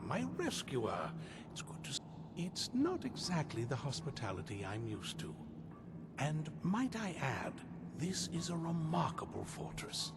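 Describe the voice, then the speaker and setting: Casting: a solemn old scroll-reading priest for a game, formal and grave, lively pitch, over loud noise. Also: male voice, full character voice. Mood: courteous. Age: older. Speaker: game character.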